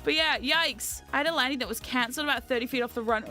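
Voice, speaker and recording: A woman's voice: high-pitched, fast, hardly any pauses, pushed and bright, faint music behind. A woman streamer telling a travel story in casual chat, swearing freely and laughing often.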